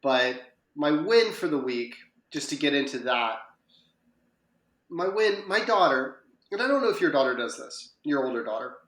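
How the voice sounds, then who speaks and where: A man's voice: a little high, animated, normal speed, a bit bright, roomy sound. A man co-hosting a podcast, chatting casually and rambling through a story with fillers and self-corrections. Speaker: podcast co-host. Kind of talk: casual chat.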